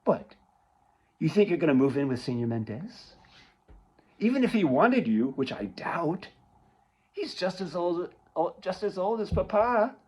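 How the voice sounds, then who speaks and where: A man's voice: high voice, sing-song, a little slow, pauses often, darkish tone, breathy edge, voice pushed up, full character voice, poor audio. A man reading aloud as a resentful grown daughter who speaks in a heated, accusing way. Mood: taunting. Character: bitter grown daughter, sharp-tongued and resentful.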